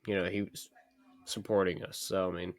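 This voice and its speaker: A man's voice: low voice, flat delivery, moderate pace, no room sound. A young man co-hosting a podcast, chatting in a laid-back way and trailing off mid-sentence. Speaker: podcast co-host. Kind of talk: casual chat.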